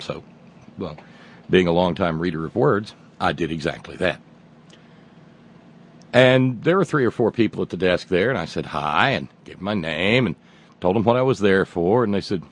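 A man's voice: low-pitched, lively intonation, normal speed, pauses often. A middle-aged man hosting a radio show, telling a casual, rambling story with restarts and wry asides. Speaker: radio host. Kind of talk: casual monologue.

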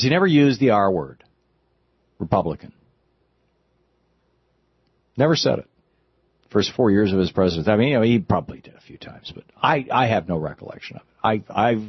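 Husky, low-voiced male radio host. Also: dry recording. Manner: animated, conversational, with frequent restarts. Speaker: radio talk show host. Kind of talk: opinionated radio commentary. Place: broadcast studio. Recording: dull, dry studio broadcast.

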